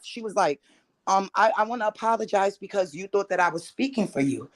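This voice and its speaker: A woman's voice: medium pitch, brisk, no echo. A woman joining a live chat by phone as a panel guest, telling her side in an angry, defensive way and swearing. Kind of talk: heated call-in chat.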